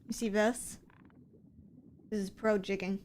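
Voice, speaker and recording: A woman's voice: mid-range voice, level tone, a little slow, darkish tone, slight background noise. A woman streamer chatting casually over a fishing game, teasing and coaxing in a playful, flirty way. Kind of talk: casual gameplay commentary.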